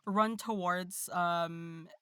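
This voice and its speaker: A woman's voice: lowish voice, fairly even intonation, drawn-out words, pushed and bright, smooth, dry recording, clean studio sound. A woman playing a tabletop game, speaking hesitantly with many fillers. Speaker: player.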